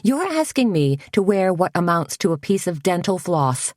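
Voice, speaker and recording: A woman's voice: on the low side, very animated, moderate pace, darkish tone, dry recording. A woman voicing a wry, nervous small-town woman in a storybook reading, with a dry delivery.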